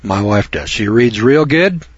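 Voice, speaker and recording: Husky folksy radio host. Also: male voice, medium pitch, animated, measured pace, no echo. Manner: folksy, sarcastic, rambling with repetitions. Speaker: radio talk show host. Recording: dull dry lo-fi radio recording.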